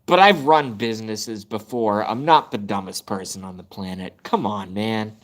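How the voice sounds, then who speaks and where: A man's voice: lowish voice, normal speed. A man hosting a casual live stream from his phone, ranting in frustration and swearing about his device. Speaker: livestream host. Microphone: phone camera at arm's length.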